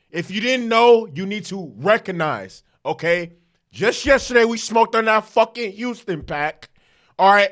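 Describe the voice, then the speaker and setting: A man with a high-pitched voice talks through a casual fan reaction vlog. He is hyped and profane, repeats his points and corrects himself mid-sentence, and keeps asking "okay?" to drive each stat home. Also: fairly bright tone. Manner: profane, self-correcting rambles. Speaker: sports fan commentator.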